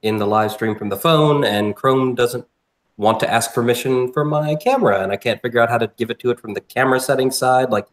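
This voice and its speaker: A man's voice: medium pitch, brisk. A man hosting a casual show on a video call, practical and organizing, with frequent ums. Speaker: show host. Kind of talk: casual chat. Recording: roomy echo.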